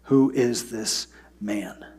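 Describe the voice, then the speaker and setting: A man preaching a sermon, moving between loud, emphatic passages and soft, near-whispered prayer. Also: medium pitch, extremely slow, husky. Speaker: pastor.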